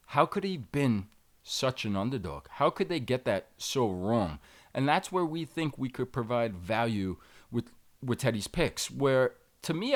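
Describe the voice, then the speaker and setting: Steady male sports-show host. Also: medium pitch. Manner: steady, agreeable, fluent recapping. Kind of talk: casual sports talk.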